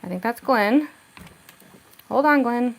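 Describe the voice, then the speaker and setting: A woman's voice: a little high, expressive, slow pace, slight background noise, poor audio. Giggly young woman chatting on a livestream. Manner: giggly, chatty, coos baby talk to her cat. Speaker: livestreaming cosplayer. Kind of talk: casual livestream chat. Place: home room. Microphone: camera on a tripod.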